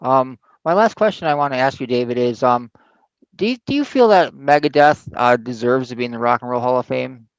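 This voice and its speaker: A man's voice: medium pitch, animated, a little fast, dry recording. A man interviewing a guest over a video call, mostly giving brief agreements and asking plain, direct questions. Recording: dull lo-fi call audio.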